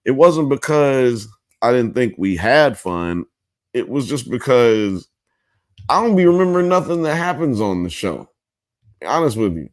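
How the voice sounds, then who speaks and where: A man's voice: lowish voice, no room sound, clean studio sound. A man hosting a live show, chatting in a loose, rambling, slangy way. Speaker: podcast host. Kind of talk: casual live-show chat.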